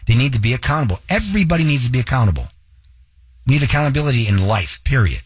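A man hosting a radio talk show, coaching listeners directly and spelling out details slowly. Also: medium pitch, sing-song, breathy edge, no room sound.

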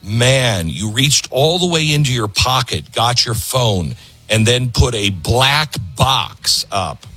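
A man's voice: mid-range voice, lively intonation, slow pace, pushed and bright, breathy edge, soft background music. Sarcastic ranting talk radio host, man. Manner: sarcastic, ranting, mocking voices. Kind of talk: opinionated political talk radio.

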